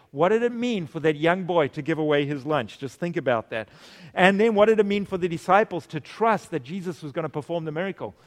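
A man preaching a sermon, questioning the congregation and acting out the voices of the people in his stories. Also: on the high side. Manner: animated, acts out quoted voices, asks the congregation questions. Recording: long hall reverb.

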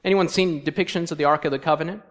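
A man preaching a sermon in a church. He reads scripture aloud and quizzes the congregation, moving between quiet asides and emphatic lines. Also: on the high side, steady tone, very fast. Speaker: pastor. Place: church sanctuary.

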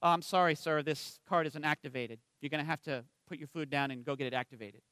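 A man's voice: fairly high pitch, fairly even intonation, quick pace, bright, forceful tone, clean tone, no echo, pitched below the performer's own voice. A male preacher quoting a weary young woman cashier who is firm about the rules, speaking curtly and dismissively. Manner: curt and dismissive.

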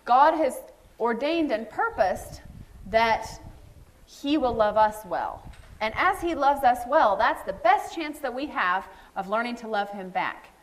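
Middle-aged woman preacher with a slightly high voice, animated and storytelling, acting out quotes mid-sermon. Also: measured pace.

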